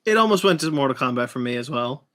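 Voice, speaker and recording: A man's voice: medium pitch, lively intonation, fast, bright, forceful tone. A man co-hosting a casual podcast, gushing about favorite characters and mimicking their lines. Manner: fannish, quotes characters with mimicry. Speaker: podcast co-host.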